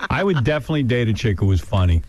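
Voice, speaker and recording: A man's voice: medium pitch, animated, very fast, a little mellow, no echo. A man hosting a radio talk show, blunt and teasing with his guests. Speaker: radio host. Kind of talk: casual chat.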